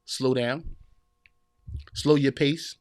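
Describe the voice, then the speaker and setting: A man's voice: medium pitch, fairly even intonation, very slow, a little mellow, no echo. Earnest preachy man, dry close sound. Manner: earnest, preachy, repeats phrases, addresses "bro" and "man". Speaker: podcast host. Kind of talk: livestream motivational talk.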